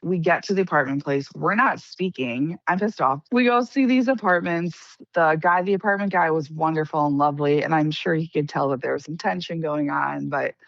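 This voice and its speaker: Young woman, low gravelly voice, casual storyteller who acts out others' lines. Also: normal speed, hardly any pauses, dry recording, dull audio. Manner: lively, acts out quoted dialogue. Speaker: interviewee recounting being scammed. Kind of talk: casual first-person storytelling.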